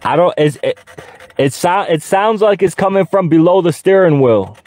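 A young man ranting on a livestream, profane and rambling, stuttering and repeating himself, sometimes breaking into high-pitched shouts. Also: expressive, moderate pace, a little hiss or hum. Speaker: livestream host. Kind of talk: casual livestream rant.

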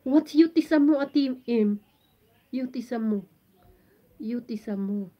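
A Filipino-accented woman chats slowly on a livestream, her voice sitting a little high. She reads viewer comments aloud and sounds out foreign phrases, playful and giggly. The audio is dull and lo-fi. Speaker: live streamer reading viewer comments. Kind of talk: casual livestream chat.

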